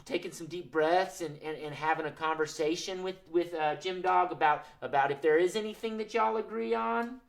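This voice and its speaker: Gentle woman hosting a kids' show. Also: fairly low pitch, normal speed, gravelly, hardly any pauses. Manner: gentle, encouraging, talks to kids directly. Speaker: children's show host. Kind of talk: casual children's show, singing and chatting.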